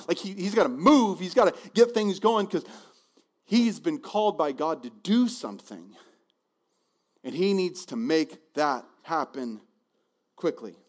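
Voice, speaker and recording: A male pastor preaching a sermon in a conversational, animated way, often repeating words as he goes. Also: high voice, normal speed.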